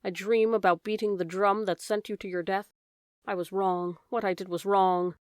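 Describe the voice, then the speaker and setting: A woman's voice: mid-range voice, flat delivery, moderate pace, a little mellow, smooth, no echo, studio quality, close to an everyday voice. A woman voicing a grieving old father mouse who pleads for forgiveness in a storybook reading. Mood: pleading. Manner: pleading, trembling.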